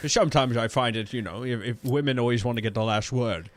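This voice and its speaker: A man's voice: mid-range voice, fast talker, dry recording, studio quality, pitched below the performer's own voice, lightly acted. A man doing an exaggerated impression of a famous older Scottish actor, with a put-on Scottish accent. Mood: hammy.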